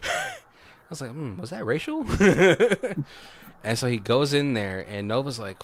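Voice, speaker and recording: A man co-hosting a casual podcast, rambling through a movie plot with lots of swearing, laughter and quick voiced-out character lines. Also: mid-range voice, expressive. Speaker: podcast co-host. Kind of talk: casual movie recap chat.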